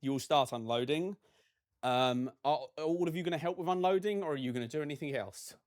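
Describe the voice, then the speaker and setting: A man's voice: fairly high pitch, brisk, dry recording, studio quality. A man narrating a tabletop game as game master, casual and full of hesitant fillers.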